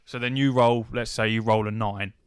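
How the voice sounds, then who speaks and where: A man in casual podcast chat who teases his co-host and swears freely. His voice is smooth and resonant. It is recorded dry and close. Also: lowish voice, steady tone, moderate pace, dry recording.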